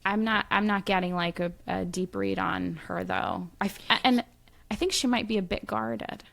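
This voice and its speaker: A woman's voice: mid-range voice, steady tone, moderate pace, vocal fry, a bit bright. Chatty woman reading tarot on a podcast. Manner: chatty, musing, spiritual. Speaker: guest medium and tarot reader. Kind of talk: casual podcast chat.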